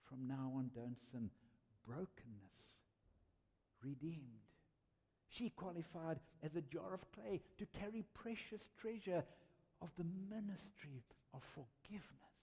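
A man preaching a sermon, telling stories earnestly and emphatically with dramatic pauses. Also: on the high side, lively intonation, vocal fry, warm tone, breathy edge. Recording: long hall reverb.

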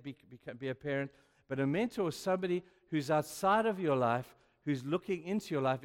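A male pastor preaching a sermon, telling stories with sudden swings between hushed and loud. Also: a little high. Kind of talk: sermon with storytelling. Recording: long reverb of a large hall.

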